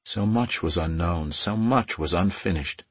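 A man reading romance fiction aloud as an audiobook narrator, in a measured, softly emotive way. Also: deep voice, breathy edge, dry recording.

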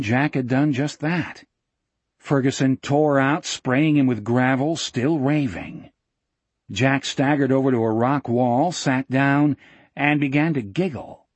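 A man reads a novel aloud as an audiobook narrator, steady and measured. His voice has a husky grain at a middle pitch. The recording is dry and close, with no room sound. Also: dry recording. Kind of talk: scripted narration.

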